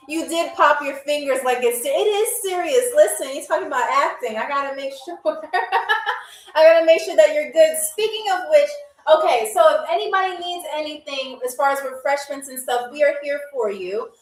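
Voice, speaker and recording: A woman's voice: sits high, normal speed, echoey room, far from the mic, poor audio. A woman hosting a live online game show in a playful, chatty, teasing way. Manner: chatty, teasing, laughs often.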